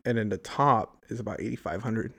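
A man's voice: on the low side, a little fast, vocal fry, a bit bright. A young adult man telling a long story in casual chat, rambling and swearing freely, saying "like" and "dude" often. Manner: profane, rambling, heavy use of "like" and "dude".

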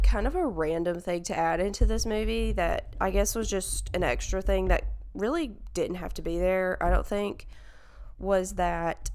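A woman's voice: mid-range voice, a little mellow, smooth. A young woman talking casually about a movie, rambling and full of fillers and self-corrections. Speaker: movie reviewer. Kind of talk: casual chat.

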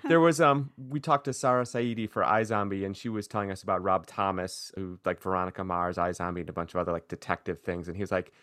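A man's voice: sits low, steady tone, fast talker, few pauses, fairly bright tone, no room sound, clean studio sound. A man hosting a podcast, chatting casually and playfully with his guests. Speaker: podcast host. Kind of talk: casual chat.

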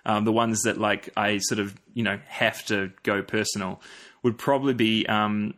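A man's voice: on the low side, fairly even intonation, moderate pace, fairly bright tone. A man with a New Zealand accent, a podcast guest chatting casually with many fillers, restarts and easy laughter. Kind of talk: casual chat.

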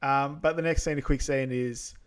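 A man co-hosting a casual film recap over an online call. He retells scenes in an easygoing, halting way with frequent ums, his voice sitting at a middle pitch. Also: steady tone, clean tone. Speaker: podcast co-host. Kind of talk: casual movie recap narration.

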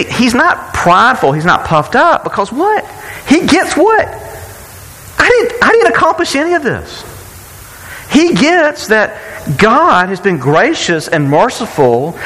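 Male pastor, sermon, fairly high voice, animated pitch, conversational, long church reverb. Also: unhurried. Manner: conversational, repeats words, asks rhetorical questions.

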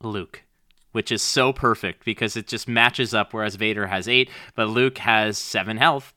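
A man co-hosting a podcast, chatting casually and acting out quotes in animated stories. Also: on the low side, moderate pace, no room sound, clean studio sound. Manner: animated storytelling, acts out quotes. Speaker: podcast co-host. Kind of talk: casual chat.

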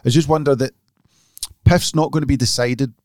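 A man in casual podcast chat about golf, excitable and full of restarts. His voice sits at an ordinary middle pitch. The room sound is very dry and close. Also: normal speed, dry recording. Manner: excitable, talks in restarts and repeats. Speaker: podcast co-host.

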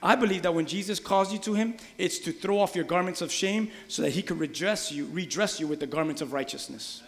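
A man preaching a sermon, animated, acting out voices and shouting the quoted lines. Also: high voice. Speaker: pastor. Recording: long reverb of a large hall.

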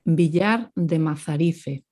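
A woman teaching Spanish pronunciation, patient and clear as she models words and explains rules. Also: deep voice, slow pace, darkish tone. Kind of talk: language lesson.

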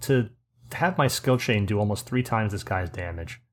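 A man's voice: on the low side, expressive, normal speed. Joking male podcast co-host. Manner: jokey storyteller, acts out quotes. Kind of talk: casual podcast chat about an online game.

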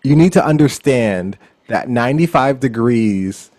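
A man, a wedding DJ and podcast guest, telling stories in a lively, laughing way. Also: mid-range voice, unhurried, slight background noise. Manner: animated storyteller, laughs often. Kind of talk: casual interview chat.

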